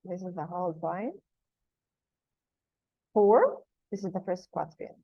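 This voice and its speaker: A woman with a lowish, husky voice teaches a poetry class, calmly explaining terms and repeating the key points without hurrying. The lo-fi recording sounds dull, with no room sound.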